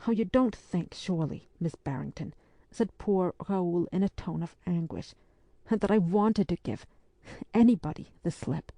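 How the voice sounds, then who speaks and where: A woman reading the part of an earnest young French officer in an audiobook, speaking softly and with care. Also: fairly low pitch, expressive, measured pace, no room sound. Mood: troubled.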